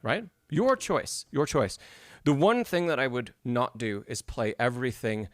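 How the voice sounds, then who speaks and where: A man's voice: medium pitch, a little slow. A man giving an encouraging piano masterclass on a live stream, explaining phrasing and humming passages aloud. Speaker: piano teacher.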